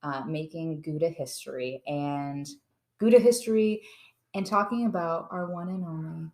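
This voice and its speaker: A playful woman hosts a casual chat podcast. Her voice sits a little low, and she laughs and swears easily as she talks. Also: fairly even intonation, normal speed, a little mellow. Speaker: podcast host.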